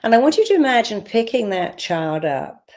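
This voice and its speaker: A woman's voice: fairly high pitch, sing-song, moderate pace, darkish tone. A woman therapist leading a guided visualization, firmly directing listeners and repeating affirmations for them to say back. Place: live online event.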